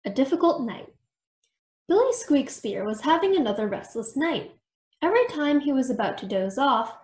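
A woman reading a children's storybook aloud in an expressive storytelling manner. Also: fairly high pitch. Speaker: storytime reader. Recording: echoey room.

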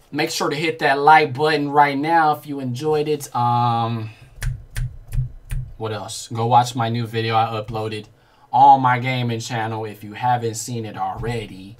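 A young man casually commentating his gameplay on a live stream, excitable and swearing as he talks to his viewers. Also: medium pitch. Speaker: gaming streamer.

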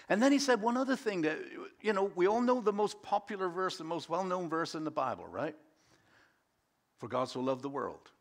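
A man preaching a sermon as pastor, telling the story in a relaxed, conversational way. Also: high-pitched. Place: church.

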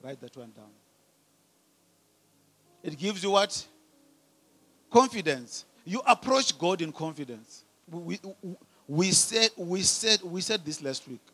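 High, bright-voiced preaching man. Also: animated, slow pace, pauses often. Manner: call-and-response preaching, swelling from quiet to loud. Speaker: pastor. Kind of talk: sermon. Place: church hall.

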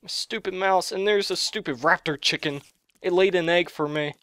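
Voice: medium pitch, moderate pace, fairly bright tone, dry recording. A gamer giving let's play commentary while thinking aloud, gasping and yelping whenever something surprising happens.

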